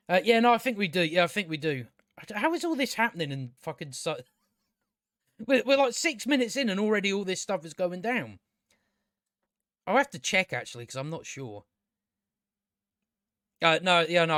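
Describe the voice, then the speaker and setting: Male TV reviewer, high-pitched, dry recording, profane and sarcastic, stumbles over his words. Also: fairly bright tone, no room sound. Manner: stammering, frequent restarts. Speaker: TV show reviewer. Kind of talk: casual solo review rant.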